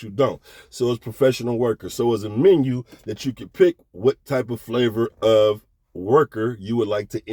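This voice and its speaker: A middle-aged man spins a casual story with loose, slangy energy and keeps asking if you follow him. His voice sits at an ordinary middle pitch. It is recorded close and dry, with no room sound. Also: no room sound. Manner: animated, slangy, keeps checking in with the listener.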